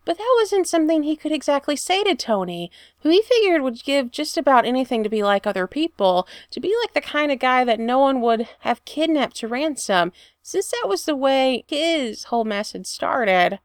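A woman reading a fan fiction story aloud with expressive storytelling. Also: sits high, normal speed, hardly any pauses, no room sound, studio quality. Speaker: reader.

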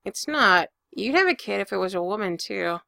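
A woman voicing a calm young man who reassures his friend in a steady, blunt, teasing way. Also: mid-range voice, normal speed, gravelly, no echo, studio quality. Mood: reassuring.

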